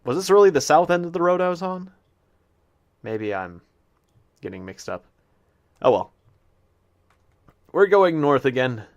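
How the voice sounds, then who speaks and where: A man's voice: a little high, lively intonation, a little slow, pauses often, lo-fi sound. Chatty man narrating a game. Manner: chatty, talks to game animals, reads game text aloud. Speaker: gameplay commentator. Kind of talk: casual let's-play commentary.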